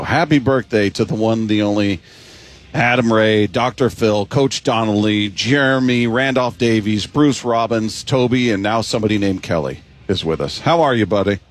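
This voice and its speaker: An upbeat male radio host with a low voice hypes up his guest in a bright, friendly way. He moves quickly from introductions into questions. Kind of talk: radio talk show chat.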